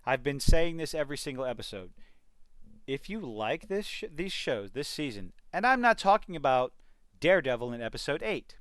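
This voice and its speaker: A man's voice: mid-range voice, fairly bright tone, no echo. A man giving an exasperated, sarcastic rant in a video review of a TV series. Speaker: TV review vlogger.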